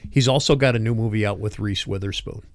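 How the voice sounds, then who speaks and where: A man co-hosting a casual podcast chat, animated, chuckling as he tells jokes. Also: on the low side, quick pace, creaky, dry recording.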